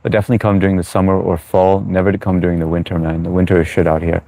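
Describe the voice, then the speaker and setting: A man's voice: low voice, flat delivery, rapid-fire, gravelly, warm tone, no echo. An American-born man hosting a live chat Q&A, chatty and reassuring, with many fillers as he answers viewers. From United States. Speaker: livestream host. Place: New York.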